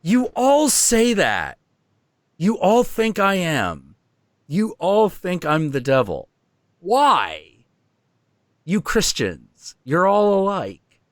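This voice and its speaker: A man voicing a sly, smug devilish male spirit with a slow, mocking delivery. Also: high voice, wildly swooping pitch, no room sound, pitched above the performer's own voice, exaggerated voice.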